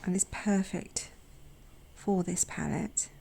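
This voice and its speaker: Slow, gravelly, soft-spoken woman painter. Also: lowish voice, fairly even intonation. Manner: gentle and chatty, drops to a soft near-whisper; self-deprecating asides. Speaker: watercolor artist and channel host. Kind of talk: casual narration while painting swatches.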